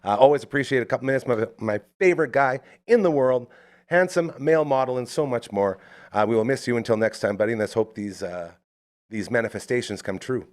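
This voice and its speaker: A man hosting a casual live talk show, lively and joking as he hypes up his guests. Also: medium pitch, a little fast. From Canada. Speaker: host.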